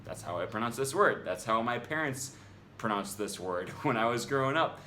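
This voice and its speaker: A man talks through an argumentative rebuttal in a casual vlog, sounding exasperated and filling pauses with ums. His pitch sits in a middle register but swings widely as he makes his points. A faint hum of room noise sits underneath him. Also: expressive, pushed and bright. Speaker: language vlogger.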